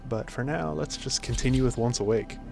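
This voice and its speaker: A man's voice: medium pitch, brisk, creaky, music in the background. A man hosting a casual gameplay commentary, rambling with lots of fillers. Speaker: gaming video host.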